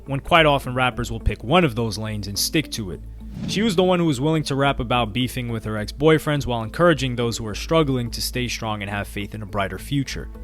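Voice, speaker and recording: Man, scripted documentary narration, measured even delivery, faint music behind. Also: mid-range voice.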